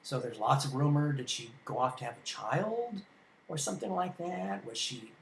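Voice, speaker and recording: A man's voice: on the high side, animated, normal speed, gravelly. Guy giving a chatty film history lecture, lots of ums, roomy echo, faint hum behind. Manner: rambling and conversational, with many ums and restarts. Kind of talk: informal classroom lecture. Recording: echoey room.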